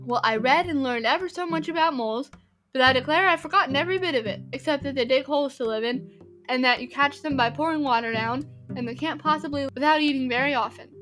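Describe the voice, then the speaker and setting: A woman's voice: high voice, a bit bright, soft background music. A woman doing a flustered boy rattling on. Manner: hurried, rattling speech. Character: flustered lazy young boy.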